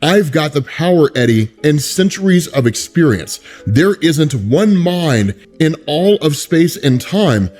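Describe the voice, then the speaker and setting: A man reading the lines of a gloating, villainous male symbiote god in a slow, deliberate voice. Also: fairly high pitch, big pitch swings, darkish tone, faint music behind. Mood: menacing, gloating.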